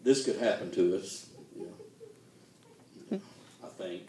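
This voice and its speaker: A man's voice: deep voice, takes it slowly, darkish tone, slight background noise. A man telling folksy jokes in a stand-up style, laughing at his own punchlines. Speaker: comedian. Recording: echoey room, distant mic.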